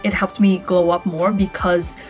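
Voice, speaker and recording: A woman's voice: fairly low pitch, level tone, normal speed, dull audio, soft background music. A young woman vlogger talking casually and passionately to the camera, full of "like" fillers. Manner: chatty, passionate, lots of "like" fillers. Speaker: lifestyle vlogger. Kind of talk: casual advice vlog.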